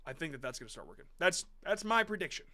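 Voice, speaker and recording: A man's voice: a little high, big pitch swings, fast talker, pushed and bright. A man in his thirties hosting a live stream, giving frank, rambling casual commentary on viewers' short videos, with restarts and mild swearing. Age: 30s.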